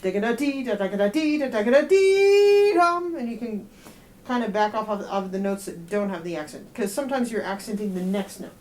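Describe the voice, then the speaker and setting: A woman's voice: mid-range voice, a little fast, darkish tone. A woman giving a student one-on-one feedback in a music lesson, direct and explaining with everyday comparisons. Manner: sings rhythms on nonsense syllables. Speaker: euphonium teacher.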